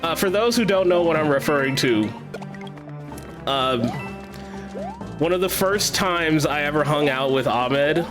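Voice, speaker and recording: A man's voice: a little high, animated, a little slow, pauses often. A man streaming a game, chatting casually with his viewers, laughing often and swearing freely. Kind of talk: casual chat while gaming. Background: game music.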